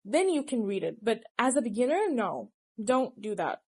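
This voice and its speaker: Young woman, slightly high pitch, casual and teasing advice-giver. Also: very animated, moderate pace, darkish tone, breathy edge. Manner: chatty, teasing, laughs often. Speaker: language tips presenter.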